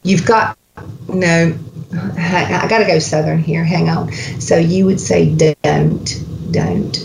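A patient woman coaching an actor's accent. She talks slowly, in a fairly low voice, and drills each sound by repetition. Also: level tone, creaky, background noise. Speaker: dialect coach.

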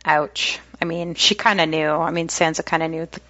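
A woman's voice: low voice, level tone, normal speed, bright, forceful tone, no echo. A woman co-hosting a podcast, chatting casually with laughing asides and reading book passages aloud. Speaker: podcast co-host. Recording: slightly dull dry lo-fi recording.

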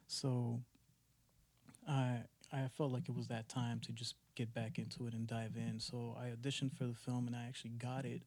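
A man's voice: mid-range voice, normal speed, dry recording. A young man, a podcast guest who acts and makes music, telling a story in casual chat and acting out what he thought back then. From United States. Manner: animated storytelling, acts out his own past thoughts.

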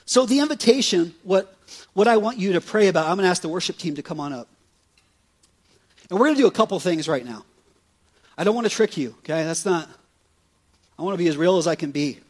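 A male pastor preaching a sermon in a conversational, animated way, often checking in with his listeners. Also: high voice. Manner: conversational, animated preaching with frequent "right?" asides.

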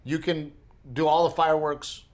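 A man co-hosts a podcast. He chats casually and tells stories with animation, teasing as he goes. His voice sits a little high for a man. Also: level tone, moderate pace, a little mellow. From Texas. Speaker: podcast co-host. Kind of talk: casual chat.

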